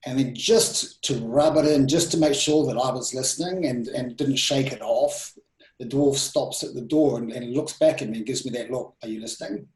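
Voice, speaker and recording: A man guesting on a podcast as a presenting mentor, telling personal stories in a casual, animated way, his voice rising and dropping sharply. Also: mid-range voice, normal speed, reverberant, low-quality recording. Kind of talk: casual storytelling interview.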